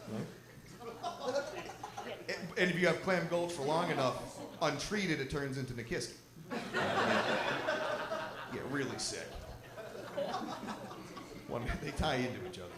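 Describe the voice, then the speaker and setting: Swearing stand-up guy teasing the crowd, lively voice bouncing all over, roomy venue, loud audience. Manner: brash, crowd-teasing, swearing, puts on drunk and squeaky voices. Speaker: stand-up comedian. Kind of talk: stand-up set. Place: lodge venue with live audience. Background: audience laughing.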